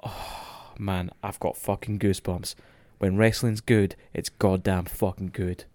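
Excitable sweary Scottish man. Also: sits low, unhurried, dry recording. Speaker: wrestling podcast co-host. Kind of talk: casual chat, match recap.

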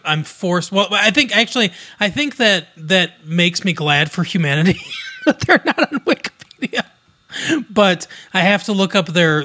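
A man's voice: a little high, sharp tone. A man co-hosting a casual podcast, reading celebrity news aloud with wry asides and frequent laughs. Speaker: podcast co-host.

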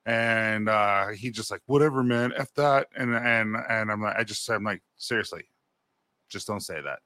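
A man's voice: lowish voice, moderate pace, no room sound. A man co-hosting a podcast, telling anecdotes in casual chat and acting out the quotes of the people in them. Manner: animated anecdote teller, acts out quotes. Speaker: podcast co-host.

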